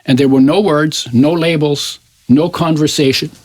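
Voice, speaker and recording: A man in his eighties, an interview guest, telling a personal story in an animated way and often restarting his phrases. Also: fairly high pitch, moderate pace, no echo. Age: 80s.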